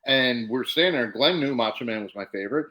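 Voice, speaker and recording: A middle-aged man co-hosting a casual podcast, telling stories with lively acted-out quotes. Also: medium pitch, fast, poor audio. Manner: animated storyteller, acts out quotes. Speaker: podcast co-host, former wrestler. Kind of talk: casual chat and storytelling.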